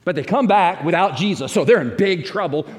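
Dramatic preacher in a big echoing hall. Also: male voice, high-pitched, lively intonation, brisk. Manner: dramatic, swings between loud emphasis and hushed lines. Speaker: pastor. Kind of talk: sermon.

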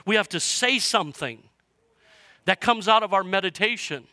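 Bright, passionate male pastor preaching. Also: sits high, lively intonation, moderate pace, dry recording, clean studio sound. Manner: passionate preaching, swinging from hushed to loud. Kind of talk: sermon. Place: church sanctuary.

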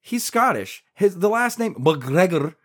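A man's voice: mid-range voice, animated, moderate pace. A man from the States, co-hosting a podcast in rambling, self-deprecating casual chat. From Southern United States. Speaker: podcast co-host.

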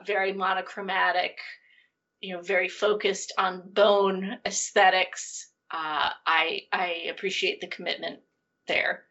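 A woman's voice: medium pitch, a bit bright. A woman co-hosting a podcast, chatting casually about a movie, laughing often and trailing off mid-sentence. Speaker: podcast co-host. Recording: dull lo-fi audio.

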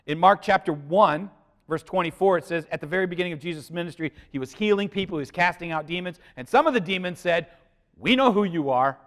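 Male pastor, slightly high voice, sermon delivery with loud emphasis dropping to hushed lines, questions to the congregation. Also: lively intonation, fast.

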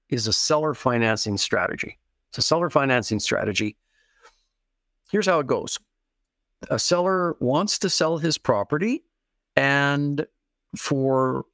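A man's voice: medium pitch, fairly bright tone, no room sound, clean studio sound. A man guest explaining investing strategies in an interview, repeating key phrases and acting out the people in his examples. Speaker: real estate investing guest expert.

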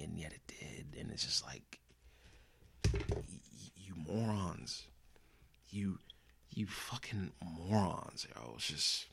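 A man's voice: low voice, vocal fry, fairly bright tone, slightly rough. A man hosting a casual commentary show, ranting angrily with lots of swearing, slang and restarts. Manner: angry, profane, rambling with restarts and slang. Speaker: podcast host.

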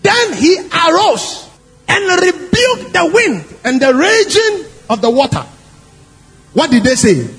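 A man preaching a sermon in an emphatic, animated way, often asking the congregation questions. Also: very high-pitched, slow pace. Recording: long hall reverb, faint music.

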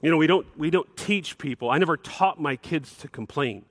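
A middle-aged man preaching a sermon as pastor, emphatic, with bursts where his voice climbs higher. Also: normal speed.

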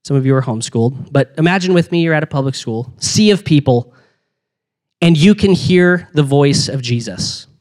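A young man giving a casual youth sermon, energetic and slangy, with frequent restarts and asides. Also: fairly high pitch, normal speed. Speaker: youth pastor.

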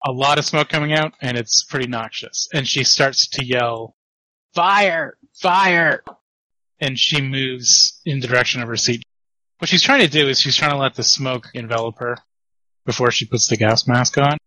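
A man's voice: medium pitch, fairly even intonation, moderate pace, sharp tone, poor audio. A man playing a tabletop role-playing game, describing his character's moves step by step. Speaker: player.

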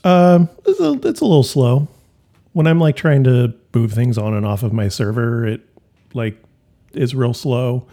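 Mellow husky man hosting a podcast. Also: medium pitch, expressive, measured pace. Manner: chatty, jokey, laughs often. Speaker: podcast co-host. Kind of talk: casual podcast chat. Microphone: home office podcast mic.

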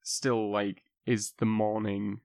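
A man's voice: on the low side, little pitch movement, slow, gravelly, a little mellow, dry recording, clean studio sound. A young man, a university student, talking earnestly and repeating words as he thinks. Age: young adult. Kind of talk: casual podcast chat.

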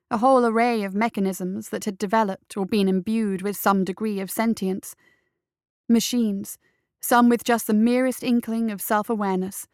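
A woman narrating a fantasy story in a measured, deliberate reading. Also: medium pitch, dry recording, clean studio sound. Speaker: story reader.

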